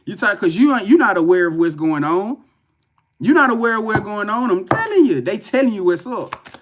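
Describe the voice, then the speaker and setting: A man giving a live spiritual reading to viewers, talking in a profane, repetitive, animated way. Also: high voice, fairly quick. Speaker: tarot reader.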